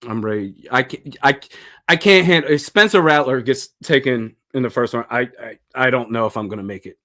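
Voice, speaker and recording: A man's voice: mid-range voice, fairly quick, sharp tone. A man hosting a casual livestream, reacting with incredulous exclamations and bursts of laughter. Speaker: livestream host.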